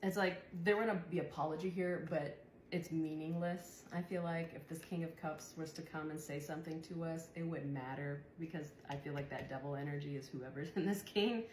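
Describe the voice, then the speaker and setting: A woman's voice: sits low, fairly even intonation, normal speed, a little mellow. A young woman giving a chatty tarot reading who swears and laughs often. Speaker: tarot reader. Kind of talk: casual tarot reading monologue. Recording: echoey room, faint background noise.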